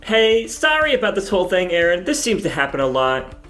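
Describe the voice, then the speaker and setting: A man's voice: sits high, sing-song, brisk, fairly bright tone, faint music behind. A man reading a part on a comedy podcast, laughing and stumbling over the words. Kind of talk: comedic table read.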